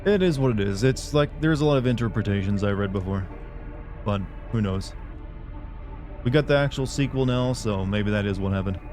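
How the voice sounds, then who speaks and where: Over background music, this young man streams a game and talks loosely to his chat, packing his rambling with fillers. He speaks at a normal speed in a fairly low pitch.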